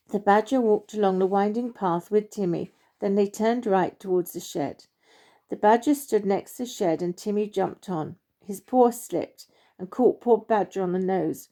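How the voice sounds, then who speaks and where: Mellow-voiced woman reading a children's story. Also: medium pitch, normal speed.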